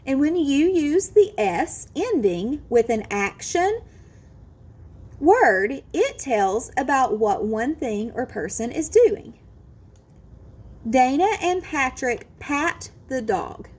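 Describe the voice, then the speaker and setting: A woman teaching a phonics lesson to children, slowly modelling each word sound and encouraging the listener. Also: high-pitched, very animated, darkish tone, husky.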